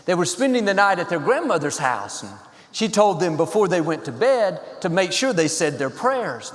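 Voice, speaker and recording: A man, a pastor opening his sermon with lighthearted jokes, told with upbeat timing and pauses. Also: high-pitched, sing-song. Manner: upbeat joke-telling with pauses. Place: large church auditorium. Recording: live hall with long reverb.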